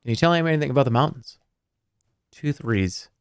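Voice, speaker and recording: A male streamer reading a fantasy game's text aloud in a playful, expressive way, with casual comments in between. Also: a little high, rapid-fire, vocal fry, no echo, studio quality.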